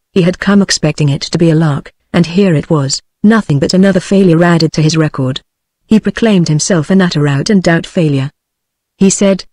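A text-to-speech woman's voice with a British English accent, reading a classic story aloud in an even synthetic delivery. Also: fairly low pitch, dry recording. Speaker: narrator.

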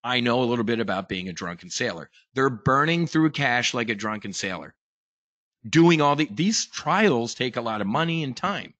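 Brief: a bright, forceful male host, brash and profane, pitching stocks in a dry close sound. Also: expressive, moderate pace, no room sound, highs cut off. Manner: brash, profane, emphatic salesman. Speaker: trading show host. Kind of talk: hyped investing pitch.

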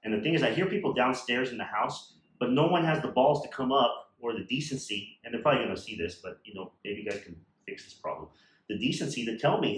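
A man's voice: medium pitch, expressive, fast talker, a bit bright. A man telling a story in a casual chat, blunt and irritated, and swearing freely. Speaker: vlogger sharing a surgery trip story. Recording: echoey room with faint noise.

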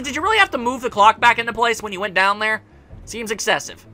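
A man's voice: sits high, animated, fast talker, bright, forceful tone. A man giving casual let's play commentary, rambling and sarcastic, joking at the game's characters.

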